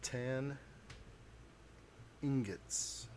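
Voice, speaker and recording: A man's voice: medium pitch, very slow, darkish tone. A man in the middle of his range talks loosely to his live-stream audience, thinking aloud as he works. His chat wanders and chuckles along. A faint layer of noise sits under the voice. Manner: chatty, talks to viewers while building, chuckles. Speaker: live-stream host building a model kit.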